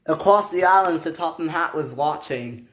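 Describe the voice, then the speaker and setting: A narrator telling an improvised toy train story, halting, with restarts. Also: mid-range voice, a bit bright.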